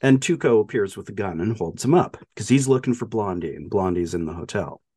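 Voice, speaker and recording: A man's voice: lowish voice, expressive, a little fast, a little mellow, husky, no room sound. A man co-hosting a podcast, casually and animatedly retelling a film's plot with lots of "like" and "uh". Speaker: podcast co-host. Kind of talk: casual film discussion.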